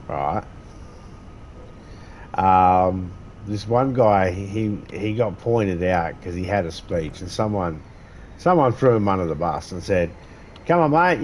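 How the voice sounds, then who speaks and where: A man's voice: deep voice, darkish tone, a little hiss or hum, low-quality recording. A man with an Australian accent rambling through a sweary anecdote in a casual chat while gaming. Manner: rambling, sweary storytelling with laughs. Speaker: gaming streamer.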